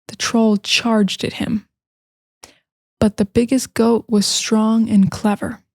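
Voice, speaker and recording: This English teacher's voice sits on the high side yet sounds gravelly and dark, captured cleanly in a studio with no echo. A native-speaking American, she chats her way through fairy tales for learners with plenty of fillers, at times lowering to a whisper.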